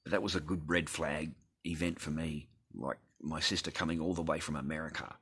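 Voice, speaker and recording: A man's voice: rumbling low, steady tone, a little fast, fairly bright tone, breathy edge. An Australian man telling a personal story in a blunt, rambling rant full of swearing. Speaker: vlogger.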